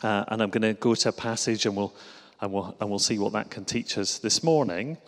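A man from Scotland with a Glasgow accent, preaching a relaxed, self-deprecating sermon in a church. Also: lowish voice, brisk. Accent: Glaswegian. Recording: reverberant hall.

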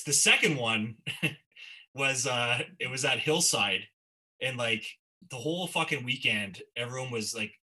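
A man with a very bright, ringing voice tells stories on a casual podcast. He is animated, swears freely and laughs through his own stories. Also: medium pitch. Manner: animated storyteller, swears often, laughs while telling stories. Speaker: podcast co-host. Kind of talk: casual chat.

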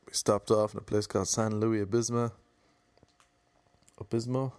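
An Irish man telling a rambling, jokey anecdote in a casual way, now and then slipping into quick mock voices for the people in it. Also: on the low side, level tone, a little mellow, dry recording. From Ireland. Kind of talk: casual comedic storytelling.

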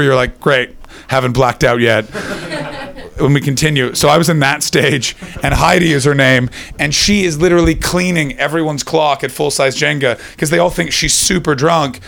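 A man's voice: a little high, gravelly, fairly bright tone. A man telling loose, swearing comedy stories and working the crowd before a live audience. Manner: loose storytelling, crowd work, frequent swearing. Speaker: stand-up comedian and podcast host.

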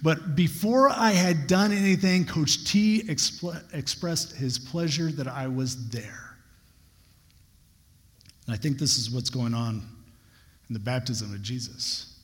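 A man's voice: on the high side, slow pace. A young adult man preaching a sermon, telling a personal story with earnest, building emphasis. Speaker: pastor. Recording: long hall reverb.

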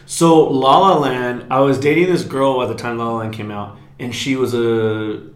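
A man's voice: mid-range voice, steady tone, normal speed, heavy background noise. A young man chats casually on a podcast, rambling through his stories with plenty of fillers. He acts out little quoted asides as he goes. His voice carries a roomy echo. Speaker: podcast co-host. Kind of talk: casual chat. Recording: echoey room.

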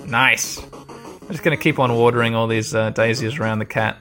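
A man's voice: medium pitch, steady tone, moderate pace, pushed and bright, soft background music. A man casually commenting on a video game as he plays, rambling and swearing freely. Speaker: gamer. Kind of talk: casual let's-play commentary.

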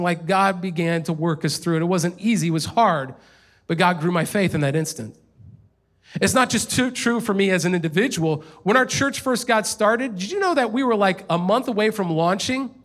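Casting: high-pitched male pastor, thirties, lively storytelling sermon. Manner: storytelling, animated, rising in pitch when telling of frustration.

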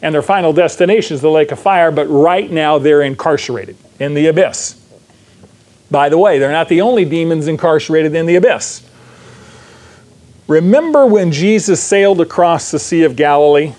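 A man preaching a sermon with a slightly raised pitch. He teaches verse by verse, leans on emphatic repetition and keeps asking his listeners "right?". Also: normal speed, a little mellow. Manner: emphatic, repeats phrases, asks the audience "right?".

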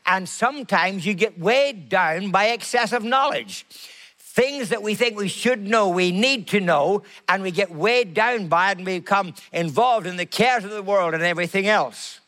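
High-voiced man preaching a sermon. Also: a bit bright. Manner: slow emphatic preaching with repeated phrases. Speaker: pastor.

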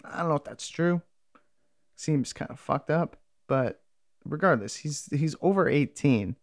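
A man's voice: a little high, measured pace, no echo, studio quality. A man casually recapping a TV episode, rambling and swearing freely as he acts out lines from the characters.

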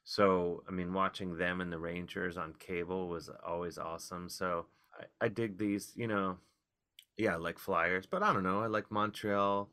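A man, a comedian guest, telling rambling, wry stories in casual podcast chat with animated outbursts. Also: sits low, normal speed, clear, resonant tone.

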